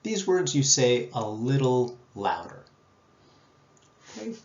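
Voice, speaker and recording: A male English teacher speaks slowly and deliberately, stressing key words as he models a reading passage. His voice sits at a mid pitch. The sound is roomy and echoey, and a little dull. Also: sing-song. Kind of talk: explaining a speaking test and reading model texts aloud.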